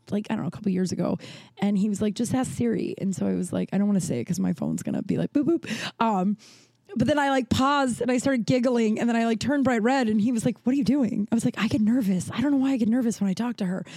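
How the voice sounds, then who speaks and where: A woman's voice: mid-range voice, mellow, no room sound. A young adult woman telling a rambling, chatty story as a podcast host, full of fillers and restarts. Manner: chatty, rambling, frequent fillers and self-corrections. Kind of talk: casual storytelling monologue.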